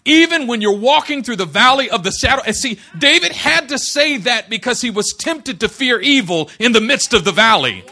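A man preaching with a high, bright voice, swinging between quiet, intimate passages and ringing declarations. He quotes scripture with fervor and breaks it up with folksy, joking asides. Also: lively intonation, moderate pace, hardly any pauses. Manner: impassioned, swings from hushed to loud, quotes scripture; folksy humor, colloquial asides. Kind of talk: sermon.

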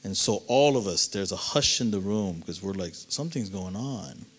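A male pastor telling a story in a sermon, animated and swinging between loud and hushed. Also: deep voice, moderate pace, slightly rough.

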